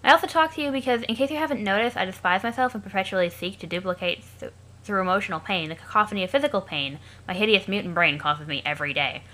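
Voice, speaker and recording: A woman's voice: mid-range voice, quick pace, sharp tone, close to an everyday voice. A woman voicing an irritable, sarcastic young male troll in a crude, snide manner, close to her own voice.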